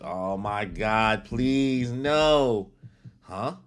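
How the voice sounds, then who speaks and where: Young man reacting loudly, lively pitch. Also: drawn-out words, clear, resonant tone, faint music behind. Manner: exclaiming, crude slang, says "bro" a lot. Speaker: manga reaction streamer. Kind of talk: live reaction commentary while reading.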